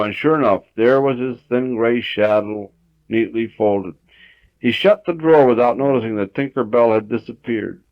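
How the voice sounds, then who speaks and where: Man, storybook reading aloud, expressive, middle pitch, muffled 1960s home tape recording. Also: dry recording. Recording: dull 1960s home audiotape.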